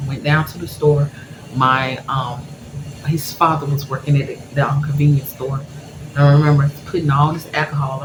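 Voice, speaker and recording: A woman vlogger telling her viewers a personal story in a candid, emotional way, laughing through sad memories. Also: deep voice. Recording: echoey room with background noise.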